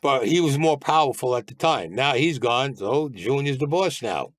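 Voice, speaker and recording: A man's voice: mid-range voice, lively intonation, moderate pace, no echo, clean studio sound. A man being interviewed who tells stories in a blunt, profane way and acts out the lines of the people in them. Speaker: guest recounting past crimes. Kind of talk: storytelling interview.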